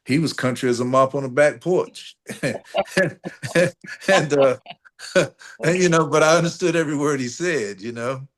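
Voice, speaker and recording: Relaxed folksy man from North Carolina. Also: medium pitch, normal speed, long pauses. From North Carolina, USA. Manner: relaxed storyteller, folksy sayings and chuckles. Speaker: guest poetry performer. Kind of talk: casual video-call interview.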